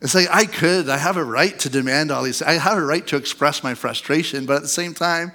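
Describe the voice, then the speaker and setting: A man's voice: fairly high pitch, a little fast, hardly any pauses, bright, forceful tone. A man in his thirties, a pastor preaching a sermon in a conversational storytelling way, often asking the congregation questions.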